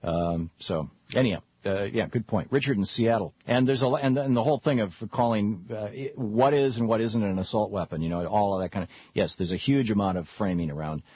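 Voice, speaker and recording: A man's voice: fairly low pitch, fairly quick, hardly any pauses, slightly rough, no room sound. A man hosting a call-in radio talk show, talking in long rambling runs with frequent restarts. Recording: dull lo-fi radio broadcast.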